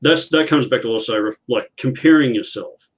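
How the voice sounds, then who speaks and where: A man's voice: mid-range voice, moderate pace, breathy edge, low-quality recording. A man on a writers' video call panel, explaining his point earnestly with analogies. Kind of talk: casual video call chat.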